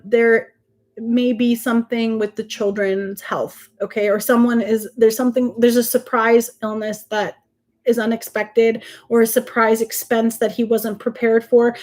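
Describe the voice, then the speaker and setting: A woman hosts a live tarot reading in a slightly high voice. She talks in halting bursts, often starting over mid-sentence, and comforts her viewers as honey and sweetheart. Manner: emotional, reassuring, addresses viewers as honey and sweetheart. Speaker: tarot reader and livestream host.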